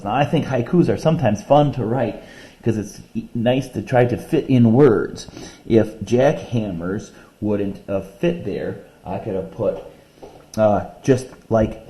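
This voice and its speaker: A male teacher with a low, warm, mellow voice, walking a class through a reading lesson. He explains patiently, step by step, and reads lines of poetry slowly, counting the syllables out loud. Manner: reads poems slowly and deliberately.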